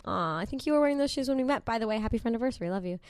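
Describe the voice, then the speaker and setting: A woman's voice: on the high side, lively intonation, racing, a little mellow, smooth. A woman in her twenties co-hosting a podcast, rambling in casual chat, swearing freely and laughing often. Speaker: podcast co-host.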